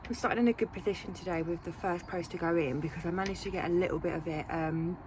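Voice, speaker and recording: A young woman talks casually to her camera from an outdoor allotment, filling her chat with ums and little jokes at her own expense. Her voice sits a little low. Outdoor noise and passing vehicles are clearly heard behind her. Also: steady tone, fast. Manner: chatty, self-deprecating, many ums. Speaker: allotment vlogger.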